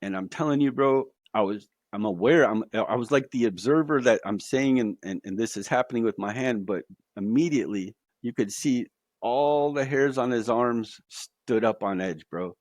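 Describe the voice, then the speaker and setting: A man guest on a podcast telling his own story in a casual, animated way, tossing in slang like "bro.". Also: medium pitch, moderate pace, no echo.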